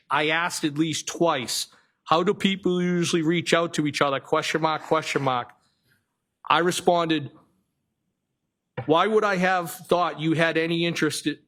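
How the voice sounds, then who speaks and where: A man with a Boston accent, testifying as a trial witness, reading text messages aloud in a flat, halting way and correcting himself as he goes. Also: on the high side.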